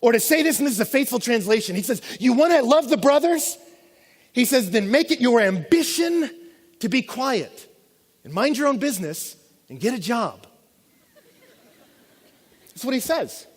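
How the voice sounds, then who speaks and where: Animated preacher in a reverberant hall. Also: male voice, very high voice, normal speed, long pauses. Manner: animated, acts out quoted voices. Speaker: pastor. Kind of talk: sermon.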